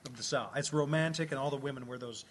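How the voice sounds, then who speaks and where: A man from Illinois, co-hosting a casual podcast chat, joking and animated, laughing often. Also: mid-range voice, fast talker, slight background noise. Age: adult, has kids. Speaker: podcast co-host.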